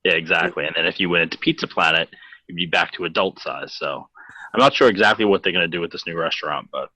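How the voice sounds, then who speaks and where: A man's voice: low-pitched, fast talker, bright, forceful tone, breathy edge, no room sound. A man co-hosting a podcast, chatting in an easygoing way and laughing often. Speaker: podcast co-host. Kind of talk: casual chat. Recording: dull, lo-fi mic.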